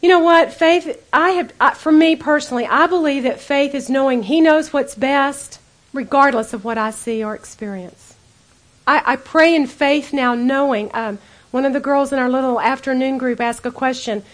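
A woman giving a conversational storytelling sermon to women, earnest, dropping to a hush when she acts out her own prayers. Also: high-pitched, moderate pace. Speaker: women's Bible teacher.

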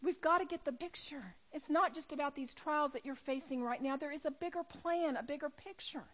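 A middle-aged woman preaching a sermon to women, impassioned, dropping to a hush and then rising loud. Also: high-pitched, fairly quick. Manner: impassioned, swings from hushed to loud. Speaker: women's ministry speaker.

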